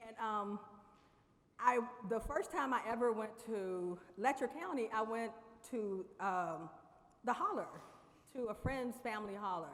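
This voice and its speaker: A woman telling a personal story as a convocation speaker, conversational and quick to laugh, turning to the audience often. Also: on the high side, expressive. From Lexington, Kentucky. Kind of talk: storytelling speech. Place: large chapel. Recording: long reverb of a chapel hall.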